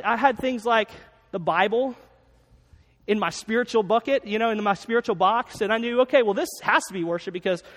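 A man's voice: high-pitched, a bit bright. A man preaching a sermon as a pastor to a church congregation, talking conversationally and repeating his key lines so listeners can note them down. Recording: long reverb of a large hall.

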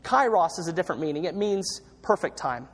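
High-voiced pastor preaching in a reverberant hall. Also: male voice, lively intonation, brisk. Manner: conversational preaching with frequent restarts and repeated words. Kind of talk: sermon.

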